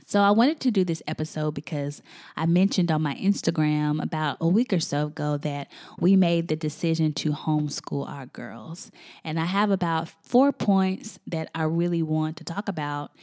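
A woman's voice: low voice, darkish tone. A woman in her thirties hosting a faith and family podcast, talking in an effusive, emotional, chatty way. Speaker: podcast host.

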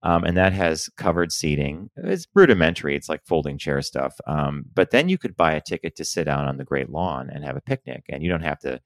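A middle-aged man co-hosting a casual chat show, telling stories with animated acted-out quotes. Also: rumbling low, brisk, few pauses, no echo, studio quality. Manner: animated storyteller, acts out quotes. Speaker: podcast co-host.

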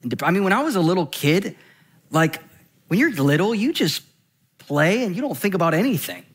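A man preaching a sermon in a conversational, animated way, slowing down to read scripture and speeding up for quick asides. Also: sits high, slightly rough. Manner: animated, swings between slow scripture reading and quick asides; conversational, frequent "right?" and "like".

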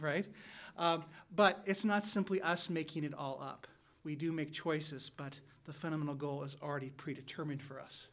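A man co-hosting a Catholic talk show, explaining ideas in a measured way and reasoning aloud through examples. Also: fairly high pitch, fairly bright tone. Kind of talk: conversational philosophical explanation.

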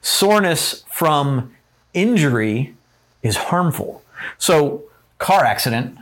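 A man's voice: a little high, sing-song, takes it slowly, fairly bright tone. A man giving an informal lesson while writing on a board, talking in a casual, rambling way with many fillers and tag questions. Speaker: teacher. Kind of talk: informal talk on growth and pain, writing on a board.

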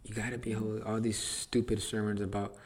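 A man's voice: fairly low pitch, level tone, a little fast, breathy edge. Emphatic man teaching the Bible. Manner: emphatic and repetitive, restarts phrases for stress. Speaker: podcast host teaching the Bible. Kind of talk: casual Bible teaching conversation.

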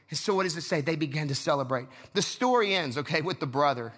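A man's voice: on the high side, lively intonation, fast, a bit bright. A male pastor preaching a passionate sermon, retelling a story and acting out its voices.

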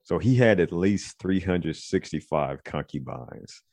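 Brief: male podcast host, very deep voice, loose and digressive, dry close recording. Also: lively intonation, a little slow, gravelly, dry recording. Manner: rambling, digressive, thinks out loud. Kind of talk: casual podcast chat.

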